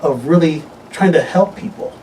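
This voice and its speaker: A man who is a physician, hosting a live radio health talk show in a studio, telling stories in an upbeat, animated way. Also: normal speed, recorded from a distance, background noise. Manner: upbeat, animated storytelling with wide pitch swings. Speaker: host, physician.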